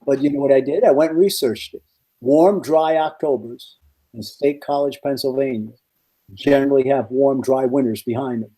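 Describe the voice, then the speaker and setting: A man who is a meteorologist, guesting on a podcast and telling rambling, animated stories with many restarts. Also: mid-range voice, moderate pace. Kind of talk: casual podcast storytelling.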